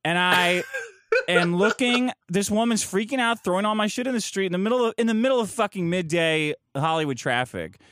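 A man's voice: high-pitched, animated, fairly quick, fairly bright tone, clear, resonant tone, no echo. A man telling a profane, mocking story as a podcast guest, close to the mic.

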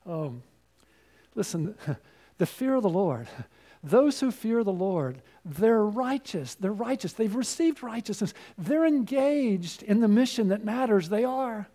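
A man preaching a sermon, asking the listeners questions and swinging between loud calls and hushed asides. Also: high-pitched, lively intonation, unhurried.

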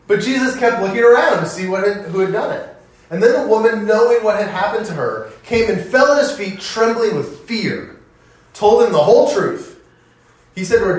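Male pastor, high voice, animated sermon storytelling that acts out the characters, echoey room. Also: moderate pace.

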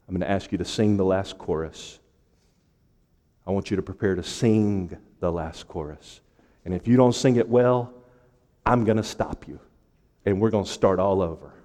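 Fervent preacher in a reverberant hall. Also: male voice, sits low, mellow. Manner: fervent, rising into sung and chanted lines. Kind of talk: sermon. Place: large church. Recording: long reverb of a large hall.

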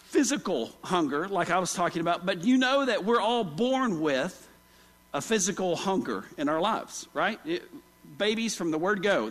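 Preaching once more in the church sanctuary, the Oklahoma pastor mixes folksy anecdotes with questions aimed at his congregation. His voice, high for a man and fairly bright, rings with a long hall reverb.

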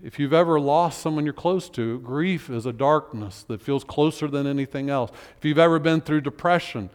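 A man's voice: fairly high pitch, clear, resonant tone. Man preaching with a ringing hall reverb. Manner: conversational preaching, reads scripture aloud slowly. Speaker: pastor. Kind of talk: sermon. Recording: long reverb of a large hall.

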